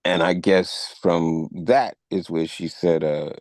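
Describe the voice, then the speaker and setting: A man co-hosting a talk show, recounting a news event in a measured, storytelling way. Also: low-pitched, steady tone, darkish tone, no echo. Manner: measured storytelling, acts out quoted officers with raised voice. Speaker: podcast co-host. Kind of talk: conversational retelling of a news story.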